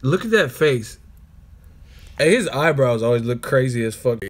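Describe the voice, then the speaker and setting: A man's voice: mid-range voice, expressive, moderate pace. A man hosting a live stream, reacting to clips with profanity and laughter. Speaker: boxing channel host. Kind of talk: casual live-stream commentary.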